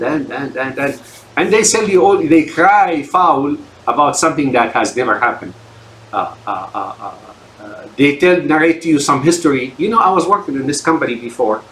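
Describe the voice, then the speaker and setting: A man's voice: fairly high pitch, fairly bright tone, echoey room, slight background noise, rough recording. A man delivering an unscripted solo rant as a commentator, speaking in emphatic sweeping declarations and stumbling over many fillers and repeated words. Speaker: political commentator.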